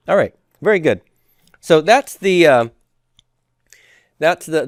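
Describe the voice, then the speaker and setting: A man's voice: medium pitch, no echo, studio quality. A man giving a classroom lecture, asking his students questions and answering them himself. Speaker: professor.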